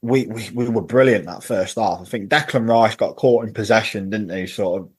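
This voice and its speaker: A man's voice: on the low side, moderate pace, darkish tone, slightly rough. Chatty man telling stories. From England. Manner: chatty, laughs at his own stories. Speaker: podcast guest, football fan. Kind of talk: casual storytelling chat.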